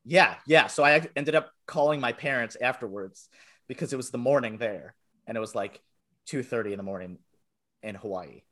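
A man's voice: medium pitch, moderate pace, pushed and bright. A young man telling a funny anecdote over a video call, rambling and self-deprecating, often restarting sentences. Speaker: storyteller guest on a game show.

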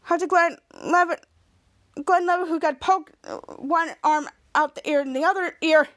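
A woman's voice: very high-pitched, moderate pace, a bit bright. A woman hosting a podcast, retelling a show episode in a casual, rambling way, often correcting herself mid-line. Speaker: podcast host.

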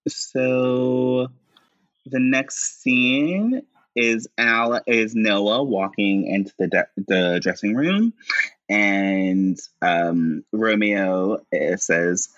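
A man talks through a TV scene at a slow, halting pace, full of "um" and "uh". His voice is bright and forward, and the sound is dry and a little dull. He often jumps up in pitch to quote the characters. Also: no room sound. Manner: slow, halting recap with frequent fillers and high-pitched quoted lines. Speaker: podcast co-host recapping a show. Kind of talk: casual chat, acting out scene dialogue.

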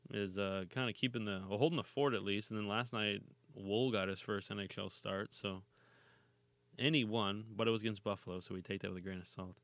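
A man's voice: fairly low pitch, sharp tone, dry recording. Laid-back man talking hockey. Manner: laid-back, swears casually, laughs often. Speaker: hockey podcast co-host. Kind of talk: casual sports chat, reading news items.

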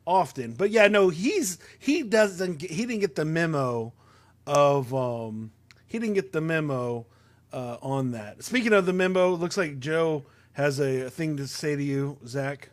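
Animated high-voiced man chatting. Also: unhurried. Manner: animated, storytelling, many "like" fillers. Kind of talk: casual chat.

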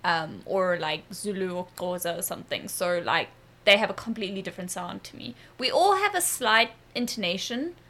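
A woman from South Africa who teaches English, with a South African accent tinged with American, chatting casually as a lively, laughing storyteller. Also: medium pitch, normal speed. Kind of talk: casual chat.

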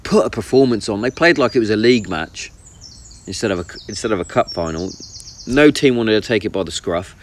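A man chatting casually and bluntly about football on his vlog, swearing freely as he gives his opinions. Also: fairly low pitch. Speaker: vlogger. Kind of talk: casual chat. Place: outdoors in the countryside. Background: birdsong and outdoor ambience.

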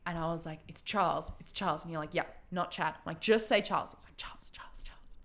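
This woman co-hosts a relaxed podcast, telling stories in an animated, giggly way. She speaks fast, in a fairly low voice.

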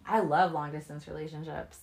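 A woman's voice: deep voice, a little fast. A young woman co-hosting a podcast, telling stories in a loose, profane way and laughing often. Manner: profane, animated storytelling with frequent laughter. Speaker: podcast co-host. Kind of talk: casual chat.

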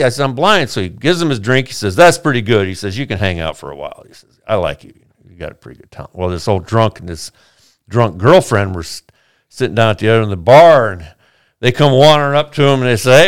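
A man's voice: mid-range voice, lively intonation, fairly quick, no echo, studio quality. A man telling a long joke in a casual, rambling way, acting out the characters' lines. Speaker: podcast host telling a joke.

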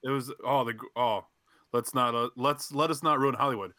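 A man's voice: mid-range voice, fairly even intonation, normal speed, bright, forceful tone, dry recording, clean studio sound. A man co-hosting a casual podcast, playful in how he talks. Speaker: podcast co-host. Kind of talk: casual chat.

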